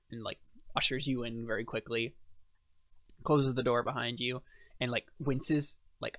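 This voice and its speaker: A man's voice: mid-range voice, level tone, unhurried, a bit bright, dry recording, studio quality. A man narrating a tabletop game as game master, rambling with many fillers.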